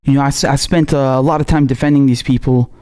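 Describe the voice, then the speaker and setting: A man's voice: mid-range voice, fairly even intonation, fast talker, a little mellow. A man not from America, a political commentator, delivering an angry, profane, scolding monologue. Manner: profane, scolding, repetitive and heated.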